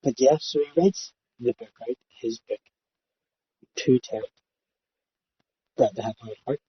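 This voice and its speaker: A man's voice: medium pitch, a little slow. A young man hosting a podcast, telling a story in casual chat, swearing often and acting out quotes. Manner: swearing, animated, acts out quotes. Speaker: podcast host. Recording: muffled lo-fi audio with faint noise.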